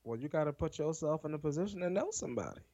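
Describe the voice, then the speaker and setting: A woman co-hosting a podcast, teasing and encouraging in quick casual back-and-forth. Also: sits low, animated, mellow, no room sound. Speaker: podcast co-host. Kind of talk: casual chat. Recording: dull lo-fi sound.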